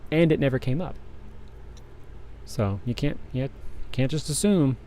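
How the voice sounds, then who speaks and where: A man's voice: medium pitch, animated, measured pace, mellow, slight background noise. A man hosting a casual livestream, chatting in a rambling way with many restarts while he cross-stitches. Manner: rambling, restarts, talks while working thread. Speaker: livestream host. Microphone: desk microphone.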